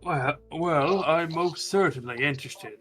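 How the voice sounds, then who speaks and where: A man voicing an eager male collector who runs an auction house, speaking in a smooth, welcoming way. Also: on the high side, unhurried, a bit bright, soft background music. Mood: keen.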